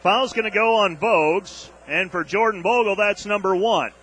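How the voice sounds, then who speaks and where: Calling college basketball on the radio, this man runs through the play-by-play at a moderate pace, his voice sitting high with a breathy edge. He gets loud when big plays happen and openly vents his exasperation with the officials.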